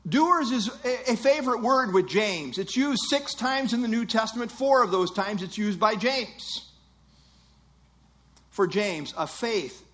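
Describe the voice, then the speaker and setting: A man's voice: sits high, fairly bright tone. A man preaching a sermon, teaching earnestly and emphatically, acting out imagined listeners' thoughts.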